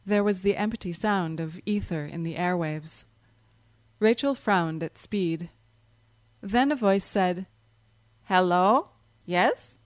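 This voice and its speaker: A woman narrating a story in a calm, measured reading voice. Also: lowish voice, no room sound.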